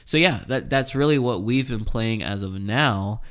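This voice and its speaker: A man's voice: mid-range voice, normal speed, a bit bright. A young man hosting a podcast, talking casually, with frequent restarts and repeated words. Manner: hesitant, repeats words, lots of fillers. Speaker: podcast host. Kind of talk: casual chat.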